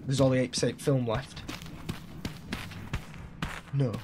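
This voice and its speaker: A man streaming a game live, chatting along and breaking into excited shouts. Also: medium pitch, takes it slowly. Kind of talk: live gameplay commentary. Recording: steady background noise.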